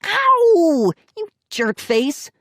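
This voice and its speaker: A man putting on a sarcastic, grumbling young girl for a storybook, his voice pushed far above his own and sometimes breaking into shrill yelps. It is recorded dry and close. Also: huge pitch swings, measured pace, a little mellow, dry recording, exaggerated voice. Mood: pained. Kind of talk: audiobook character voice.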